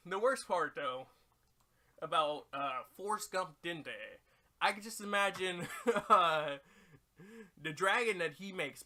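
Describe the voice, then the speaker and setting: A man's voice: fairly high pitch, bright, forceful tone. A young man giving goofy, chatty commentary while streaming a mobile game, laughing often. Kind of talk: casual gaming commentary.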